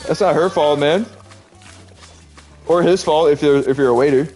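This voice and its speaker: A man's voice: a little high, normal speed, a little mellow, faint music behind. Rambling, laughing male streamer. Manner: rambling and chatty, full of "like", often laughing. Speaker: Twitch streamer. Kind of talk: casual chat while gaming.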